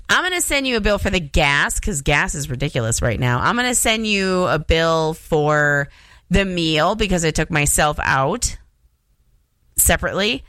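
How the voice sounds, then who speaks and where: Lady dj venting on air, bouncy swoopy voice, bright and sharp, dry studio sound. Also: deep voice, sing-song, moderate pace, no room sound. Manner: exasperated, ranting, sarcastic. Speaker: radio DJ. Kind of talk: on-air radio monologue. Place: radio studio.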